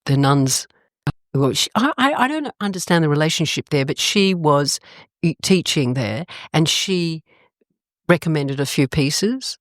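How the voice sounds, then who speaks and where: An older Australian woman telling stories in a casual interview, animated and expressive, her pitch jumping up suddenly. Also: measured pace, no echo, clean studio sound. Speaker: guest.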